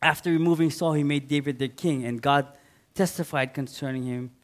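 A man preaching a sermon in an earnest way, rising to loud emphatic readings and dropping to soft asides. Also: on the high side, fairly even intonation, a little fast.

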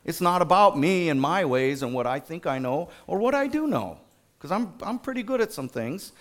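A man sharing a story in an informal church talk, animated, with many fillers and restarts. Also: fairly high pitch, moderate pace. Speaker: school district staff sharing a testimony at church.

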